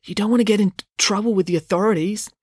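A woman voicing a cautious teenage brother in a storybook, halting and stammering as he speaks. The recording is dry. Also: mid-range voice, a little mellow, slightly rough, no room sound, close to an everyday voice.

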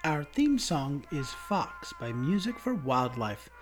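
A young adult man co-hosting a podcast in casual chat, chatty and fond of puns, getting animated when he gushes. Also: a little high, slow pace, soft background music. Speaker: podcast co-host.

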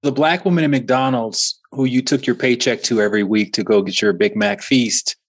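A man's voice: medium pitch, normal speed. A man interviewing a guest and asking probing follow-up questions.

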